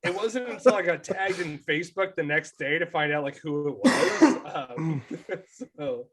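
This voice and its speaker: Dude cohosting a podcast, telling sweary stories, a bit high pitched. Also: male voice, unhurried, crowd noise. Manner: profane storytelling. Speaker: podcast co-host. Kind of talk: casual chat.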